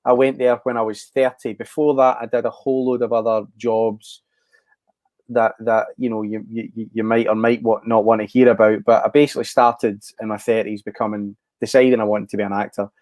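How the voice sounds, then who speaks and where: A Scottish man in his forties, an actor talking in a casual interview, thoughtful and halting with frequent restarts. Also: lowish voice, level tone, a little mellow, no room sound. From Scotland. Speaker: actor, guest.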